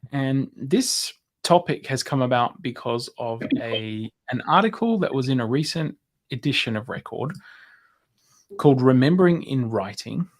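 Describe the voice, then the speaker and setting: Man co-hosting a relaxed talk show. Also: medium pitch. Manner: relaxed, storytelling with fillers. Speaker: podcast co-host. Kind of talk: casual chat.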